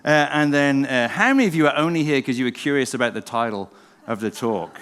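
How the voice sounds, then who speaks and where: Speaking in a church event hall with long reverb, a middle-aged Englishman and former pastor addresses a live audience in a relaxed, self-deprecating way. His English accent carries a southern drawl, and his smooth, medium-pitched voice runs a little fast.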